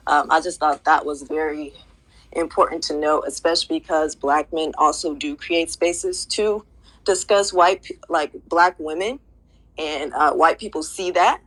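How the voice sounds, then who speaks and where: A woman in an online audio space, giving earnest, measured commentary. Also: deep voice, a bit bright, low-quality recording. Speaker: Twitter Space speaker. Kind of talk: casual discussion.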